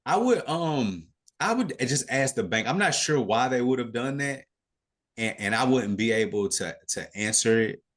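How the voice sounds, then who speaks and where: A man hosting a live online investing class, answering questions over a video call in a relaxed way, with many fillers and restarts. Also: mid-range voice, moderate pace.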